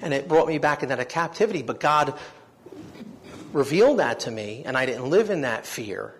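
A man's voice: mid-range voice, animated, normal speed, a little hiss or hum. A man preaching a sermon, telling his own story in an earnest, heartfelt way that swells with feeling. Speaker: preacher giving testimony.

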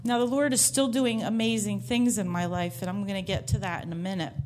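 A woman's voice: mid-range voice, steady tone, a little fast, a little mellow. A woman giving a heartfelt personal faith testimony to a church congregation, telling her story earnestly from the stage.

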